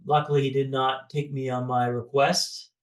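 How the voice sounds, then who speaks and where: A man from Canada, a podcast guest, telling a personal story in a dramatic, paced way with pauses. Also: mid-range voice, flat delivery, reverberant.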